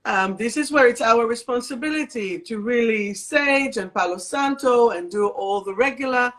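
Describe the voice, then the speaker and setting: A woman's voice: on the high side, normal speed. Woman hosting a spiritual live chat. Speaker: host and energy healer. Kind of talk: casual live-stream chat.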